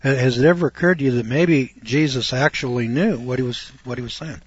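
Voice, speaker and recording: A man's voice: mid-range voice, a little fast, husky, dry recording. An older man teaching from the Bible in a folksy, chatty way, full of rhetorical questions. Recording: dull dry lo-fi recording.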